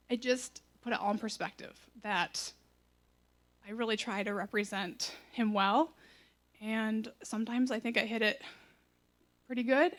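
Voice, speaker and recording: Chatty woman telling a church story. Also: on the high side. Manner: chatty, animated, acts out quoted lines. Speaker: church member sharing a testimony. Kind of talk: casual storytelling testimony.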